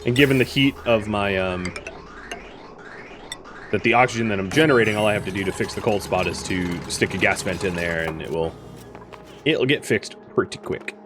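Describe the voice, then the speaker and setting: A man's voice: fairly low pitch, moderate pace, over music. A young man casually commenting on his colony game as he plays, rambling and correcting himself with lots of fillers. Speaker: gaming streamer. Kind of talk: casual let's-play commentary.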